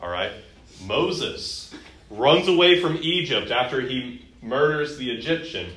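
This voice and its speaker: A man's voice: medium pitch, a little slow, reverberant, poor audio. A man teaching a Bible lesson to a class, asking questions and acting out the quotes. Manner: lively, quizzing students and acting out quotes.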